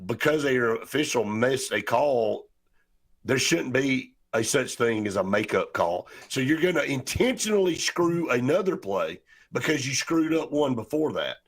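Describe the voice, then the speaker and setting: A man's voice: mid-range voice, very animated, unhurried, breathy edge. A man hosting a sports talk show, rambling with many restarts and fillers.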